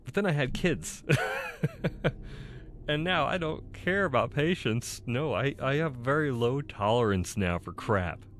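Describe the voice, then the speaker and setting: A YouTuber reads questions from an online personality test aloud and answers candidly, rambling and often laughing at himself in a casual self-recording. His mid-range voice is expressive, measured, and a bit bright, with a little hiss or hum.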